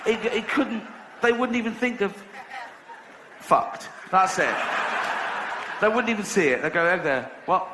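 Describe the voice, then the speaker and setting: A man's voice: high-pitched, animated, unhurried, long pauses. A man riffing comically on set, breaking into laughter mid-sentence. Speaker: comedian. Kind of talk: improvised comic riffing between takes. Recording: echoey set with background noise.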